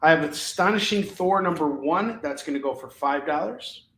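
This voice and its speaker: Casual man pitching comics in echoey room. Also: normal speed, a bit bright. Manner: casual, rattles off items and prices, many fillers. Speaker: live shopping show host. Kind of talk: live comic sales pitch.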